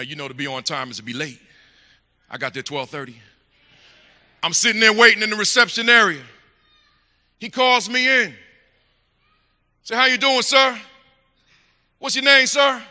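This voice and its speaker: A middle-aged man telling a story from the pulpit in a church, emphatic and animated, swinging to hushed asides. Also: on the high side, normal speed, pauses often. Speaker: church speaker. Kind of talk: storytelling sermon. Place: church sanctuary. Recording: echoey hall.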